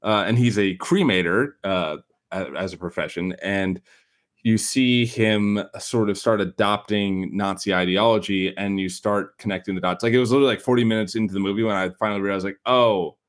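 Low-voiced Chicago podcast host, loose rambling chat. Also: male voice, brisk. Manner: rambling, loose, with frequent fillers. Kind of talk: casual chat.

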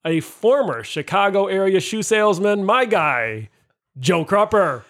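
A man's voice: high-pitched, animated, unhurried, fairly bright tone. A man hosting a casual podcast, introducing his co-hosts with playful, hyped-up banter. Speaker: podcast host.

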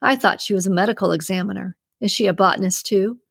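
A woman reads the lines of a skeptical male detective, with a dry, sarcastic edge in plain mid-pitched delivery. The voice is close and free of echo. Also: fast talker, vocal fry, husky.

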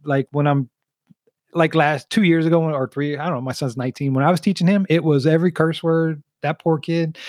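Animated storytelling man hosting a podcast. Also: fairly high pitch, dry recording, studio quality. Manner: animated storyteller, laughs often. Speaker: podcast host. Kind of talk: casual podcast chat.

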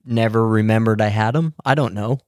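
A man's voice: lowish voice, clean tone, no echo, clean studio sound. Laid-back man chatting on a podcast. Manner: laid-back, quick agreeing interjections. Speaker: podcast co-host. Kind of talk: casual podcast chat.

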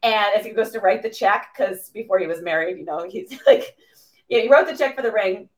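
A woman in her forties from the Boston area, a coach telling stories as a podcast guest in a gushing, excitable way with lots of fillers. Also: medium pitch, a little fast. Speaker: interview guest, women's coach. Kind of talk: animated storytelling in a podcast interview.

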